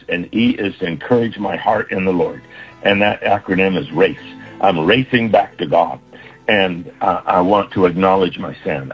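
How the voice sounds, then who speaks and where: Very husky low-voiced male preacher. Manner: earnest, repetitive preaching cadence. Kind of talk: sermon. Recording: dull lo-fi recording with faint music.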